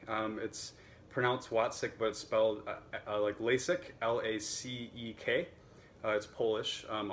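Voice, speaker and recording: A man who teaches and sells violins, talking casually to camera in a relaxed, chatty way with plenty of fillers. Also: mid-range voice, a little hiss or hum. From United States.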